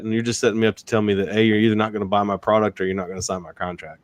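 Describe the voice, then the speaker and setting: A man, a sales and negotiation expert talking in an animated podcast interview, acting out quoted voices and laughing often. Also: lowish voice, very fast, dry recording.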